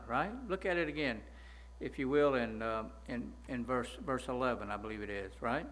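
A man's voice: mid-range voice, lively intonation, moderate pace, a bit bright. A man preaching a sermon, emphatic, often stopping to ask his listeners "right?" and repeating words as he goes.

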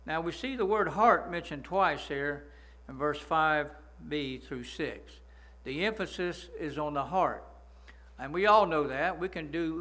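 A man preaching a sermon, folksy, slowing down to stress his points and asking the congregation for agreement. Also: on the high side, a bit bright. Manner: slows down to stress key phrases. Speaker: pastor.

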